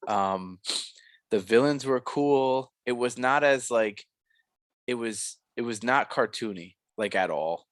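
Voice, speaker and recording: A man's voice: medium pitch, takes it slowly, no room sound. Rambling young man reviewing a film. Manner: rambling, filler-heavy, self-correcting. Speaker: podcast co-host. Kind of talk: casual film review chat.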